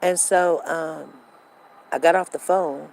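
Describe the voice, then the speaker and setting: Woman in her 50s telling a story on her live show, animated, does the voices. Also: deep voice, slow, gravelly, poor audio. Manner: animated, acts out the other people's lines.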